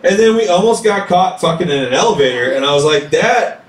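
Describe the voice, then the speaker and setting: A man's voice: a little high, lively intonation, fast. A man in his late twenties doing a loose, rambling stand-up set with crowd work in a basement comedy room. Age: late 20s. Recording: roomy live recording from a distance.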